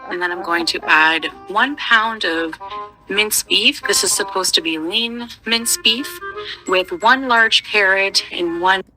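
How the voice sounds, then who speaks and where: A woman's voice: mid-range voice, takes it slowly, bright, forceful tone, soft background music, rough recording. A woman narrating her own cooking video, chatty and walking through each step. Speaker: cooking vlogger.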